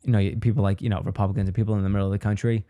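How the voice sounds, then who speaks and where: A man's voice: on the low side, little pitch movement, very fast, warm tone, clean tone. A man hosting his own podcast, delivering a rambling, profane comedic monologue.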